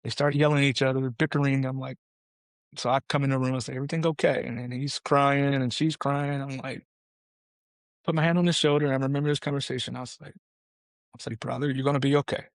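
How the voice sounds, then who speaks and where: A man speaking as a podcast guest, telling his personal story in an earnest, halting way with restarts. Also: mid-range voice, little pitch movement, no room sound.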